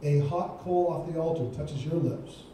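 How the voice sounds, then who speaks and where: A man's voice: fairly high pitch, normal speed, warm tone, slight background noise. A man preaching a sermon as a guest speaker, emphatic, repeating his key phrases for weight. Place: church sanctuary. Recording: echoey church from far off.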